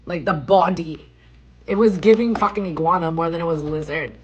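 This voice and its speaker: A woman's voice: lowish voice, normal speed, muffled recording, slight background noise. A young woman vlogging casually from a hotel room, chatting with her viewers, reading out their questions and swearing freely. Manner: chatty and animated, swears often, reads out chat questions. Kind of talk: casual chat.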